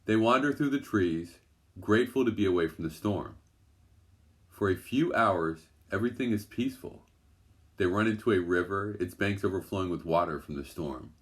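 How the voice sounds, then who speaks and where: A man narrates a children's adventure story with a low, steady voice. He keeps a gentle, even storytelling pace. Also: moderate pace. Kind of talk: reading a children's story aloud.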